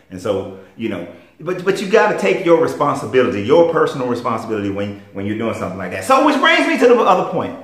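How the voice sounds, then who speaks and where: A man with a Southern US accent, a life coach telling stories in a plain-spoken, emphatic motivational monologue. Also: medium pitch. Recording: roomy echo.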